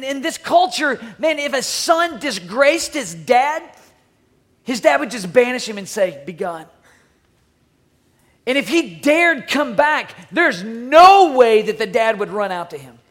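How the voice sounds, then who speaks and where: A man preaching a sermon, swinging between loud urging and hushed near-whispers, often repeating words as he restarts phrases. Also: very high-pitched. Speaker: pastor.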